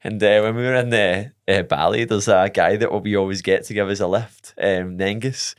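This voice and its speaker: A man's voice: fairly low pitch, fairly even intonation, moderate pace, smooth, no room sound, clean studio sound. A man with a Scottish accent, hosting a podcast and telling stories in casual chat, laughing often and putting on voices when he quotes people. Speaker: podcast host.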